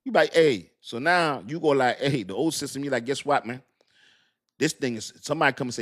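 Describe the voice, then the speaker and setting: A man hosting a casual crypto livestream, talking in animated, slangy street talk, swinging between loud and soft. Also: mid-range voice, brisk.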